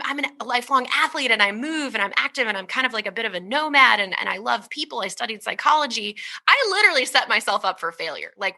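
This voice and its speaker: Very bright-voiced energetic woman. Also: a little high. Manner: energetic and expressive, laughs often. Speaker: guest author. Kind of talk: conversational interview talk.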